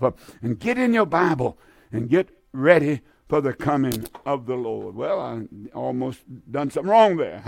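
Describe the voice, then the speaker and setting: Radio preacher, male, gravelly tone, pleading and fervent, dry close sound. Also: on the high side, a little mellow, no room sound. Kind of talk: radio sermon and prayer.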